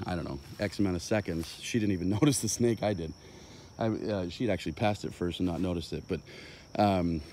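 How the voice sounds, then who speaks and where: A man's voice: fairly low pitch, a little mellow, slight background noise. A man, a dog trainer, explaining his methods in a loose, impromptu way on an outdoor walk, thinking aloud with plenty of fillers.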